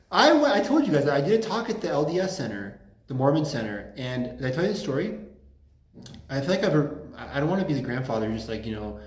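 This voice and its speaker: A man delivers a relaxed lecture to a small group at a campus center, joking freely and wandering into anecdotes. His mid-pitched voice carries a roomy echo from the space around him. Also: quick pace. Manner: joking, rambling, fond of anecdotes. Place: room at a campus Catholic center.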